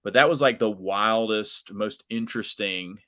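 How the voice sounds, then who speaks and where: A man speaking in a lowish, bright, forceful voice, chatting as a guest. He tells his story in an animated way, with lots of fillers and restarts. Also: unhurried. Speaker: professional wrestler, guest. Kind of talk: casual storytelling in an interview.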